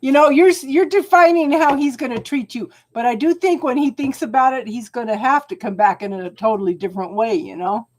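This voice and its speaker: This is an older woman running a casual tarot livestream, her voice on the high side and a bit dark. She talks fairly quickly with hardly any pauses, laughing often and greeting viewers by name between remarks.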